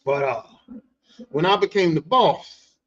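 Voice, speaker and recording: Here a podcast host relates a workplace tale, profane and animated, slipping into impressions of the people he's quoting. His voice runs on the high side at a somewhat slow pace, and the recording sounds dull and lo-fi.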